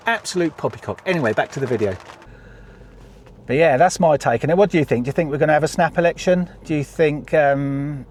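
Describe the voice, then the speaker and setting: Bloke vlogging a heated car rant, cussing a lot, bit of road noise behind. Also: male voice, fairly high pitch, a little mellow. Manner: blunt, sweary, heated. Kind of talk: political rant vlog. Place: in a car in traffic.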